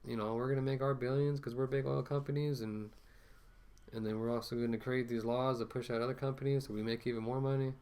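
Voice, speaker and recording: A man's voice: medium pitch, flat delivery, quick pace, a little mellow, smooth. A man ranting casually to camera as a vlogger, rambling with many fillers and restarts, talking through a mask.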